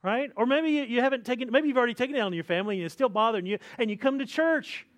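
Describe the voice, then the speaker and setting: A man's voice: extremely high pitch, rapid-fire. A pastor preaching a sermon in a conversational way, often checking in with his listeners by asking "right?". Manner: acts out complaining voices with sighs.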